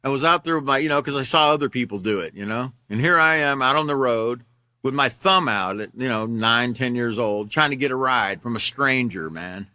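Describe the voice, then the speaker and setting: A man's voice: medium pitch, brisk, pushed and bright, no room sound, studio quality. A middle-aged man teaching a character education class, telling a candid personal story in a conversational way. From Alaska.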